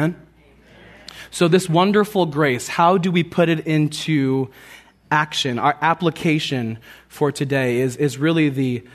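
Animated man preaching a sermon. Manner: animated storytelling, acting out quoted lines with rising pitch. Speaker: pastor.

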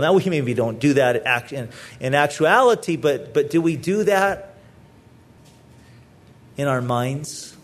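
A male pastor delivers a sermon in a notably high-pitched voice. He speaks earnestly and pleadingly, often doubling words as he presses each point home. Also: very animated, a little slow.

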